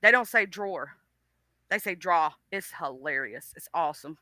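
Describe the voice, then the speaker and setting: A woman from the Deep South with a Southern US accent, chatting on a talk stream in a folksy, teasing way. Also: animated, pushed and bright, no room sound. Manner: folksy, teasing, drawn-out explanations. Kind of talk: casual chat.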